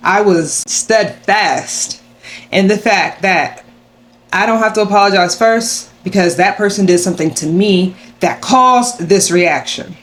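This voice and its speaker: A young adult woman sharing a personal faith testimony to camera, animated and acting out her own angry retorts. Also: medium pitch, measured pace. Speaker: faith vlogger.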